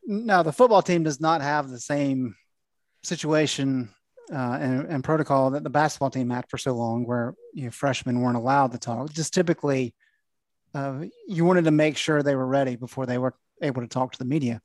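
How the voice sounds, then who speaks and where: A man, a veteran sports reporter, explaining things in a measured, rambling way. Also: mid-range voice, darkish tone, no room sound. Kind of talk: casual sports analysis.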